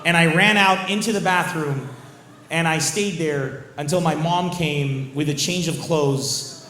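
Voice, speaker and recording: Male stand-up comedian, audience Q&A, shouty animated storytelling, stage mic, reverberant live venue. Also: fairly high pitch, measured pace. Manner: animated, shouty storytelling with bursts of crude jokes. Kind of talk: post-show Q&A banter. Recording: roomy venue with faint crowd noise.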